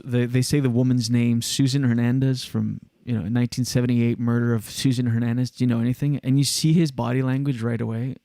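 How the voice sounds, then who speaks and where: A man's voice: mid-range voice, flat delivery, quick pace, vocal fry, few pauses, dark tone, no echo. Rambling male podcast host. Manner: rambling storyteller, lots of fillers. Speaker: show host. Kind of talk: casual podcast chat.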